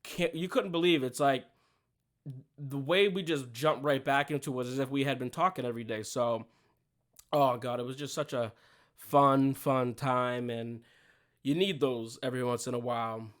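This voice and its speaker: A young man talks loosely to his listeners as the host of his own show, rambling through stories with plenty of fillers. His voice is clean and smooth, set at an ordinary middle pitch. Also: steady tone, normal speed. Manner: chatty, storytelling with laughs and fillers. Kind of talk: casual solo talk.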